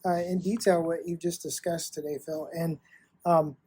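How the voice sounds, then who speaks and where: A male podcast host who thanks the guest and speaks to listeners in a measured way. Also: fairly high pitch, fairly even intonation, a little mellow, husky. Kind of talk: interview host wrap-up.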